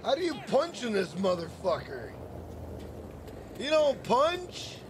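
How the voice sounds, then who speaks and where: A young man streaming a game, cursing and ranting at the characters in loose, rambling talk. His voice is very high for a man. Steady noise sits under his commentary. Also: slow pace. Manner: profane, hot-tempered, rambling. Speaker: gaming streamer. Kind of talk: casual let's play commentary.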